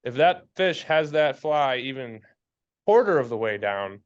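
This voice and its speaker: A man's voice: medium pitch, lively intonation, unhurried, lo-fi sound. A man co-hosting a fly fishing podcast in casual chat, blunt and fired up, swearing freely and preaching his point.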